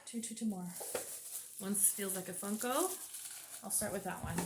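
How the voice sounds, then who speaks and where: A woman's voice: medium pitch, normal speed, noisy background. A woman vlogger chatting casually as she unboxes birthday gifts, gushing, gasping and laughing often.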